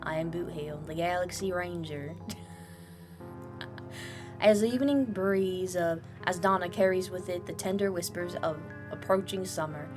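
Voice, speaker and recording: A woman reading a flowery letter aloud in a slow, exaggerated, pompous voice for a male game character. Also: on the low side, music in the background, natural voice.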